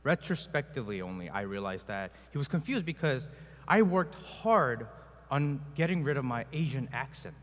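Korean-born pastor preaching in a reverberant hall. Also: male voice, medium pitch, lively intonation, normal speed. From South Korea. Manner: conversational storytelling with frequent filler sounds. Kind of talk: sermon.

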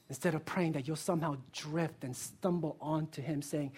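A man's voice: on the high side, moderate pace, hardly any pauses, husky. A male pastor preaching a sermon in an earnest way, asking the listeners direct questions and telling stories with energy. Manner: lively storytelling.

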